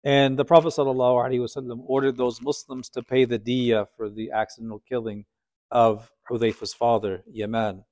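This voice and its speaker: A man's voice: medium pitch, flat delivery, a little fast, darkish tone. A man teaching Islamic history as a conversational storytelling lecture, often asking his listeners rhetorical questions.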